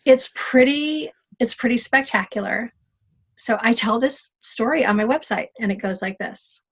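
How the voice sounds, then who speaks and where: A woman guest tells stories with lively, self-mocking humor, her pitch sitting in an ordinary middle range. The audio is slightly muffled and lo-fi. She runs through her stories in a chatty, easy podcast manner. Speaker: guest, life coach. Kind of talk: storytelling in a podcast interview.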